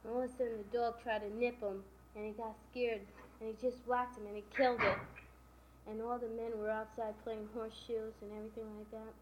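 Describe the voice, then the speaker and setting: Briskly and flatly, in a fairly high voice, a woman offhandedly summarizes the plot of a novel, chaining things together with "and then" and "you know." It sounds dull and lo-fi, with a faint hiss underneath.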